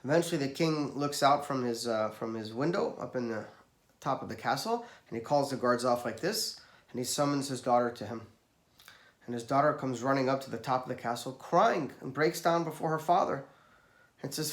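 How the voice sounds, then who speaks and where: Guy giving a torah talk, emphatic storyteller, mid pitch, echoey room. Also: normal speed. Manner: storytelling, emphatic, rising for quoted voices. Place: South Florida.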